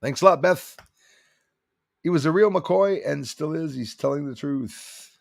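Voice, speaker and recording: A man's voice: a little high, unhurried, creaky, no room sound, clean studio sound. A middle-aged man from Canada hosting a casual livestream, rambling and reading viewer comments aloud. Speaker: livestream host.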